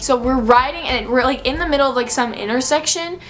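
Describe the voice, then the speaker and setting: A woman's voice: high-pitched, fairly quick, hardly any pauses, a bit bright, soft background music. Chatty young woman telling a story. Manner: chatty, filler-heavy, breathless retelling. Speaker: vlogger. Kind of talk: storytime vlog.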